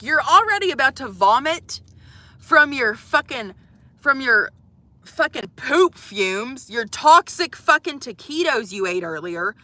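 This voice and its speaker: A woman's voice: sits high, bright, forceful tone. Profane, exasperated young woman telling stories. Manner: profane, exasperated, comic storytelling. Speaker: vlogger telling a story to live viewers. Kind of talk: casual storytelling livestream. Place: inside a van.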